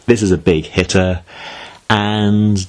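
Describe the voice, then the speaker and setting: A man's voice: lowish voice, fairly even intonation, takes it slowly, a little mellow. A man from Britain hosting a solo podcast, talking in a chatty, wry way and musing aloud with asides. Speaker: podcast host.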